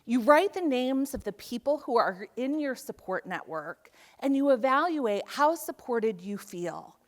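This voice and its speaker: A woman's voice: fairly high pitch, unhurried. A middle-aged woman giving a motivational keynote talk in a conference hall, telling stories and acting out the voices of people in them. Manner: animated storytelling, acts out quoted voices. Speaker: keynote speaker.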